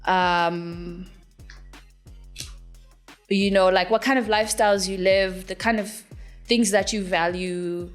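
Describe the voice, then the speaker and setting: A woman's voice: medium pitch, fairly even intonation, slow, pauses often, faint music behind. Chatty, giggly young woman from Zimbabwe. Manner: chatty and giggly, with many fillers. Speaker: singer-songwriter guest. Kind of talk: casual interview answers.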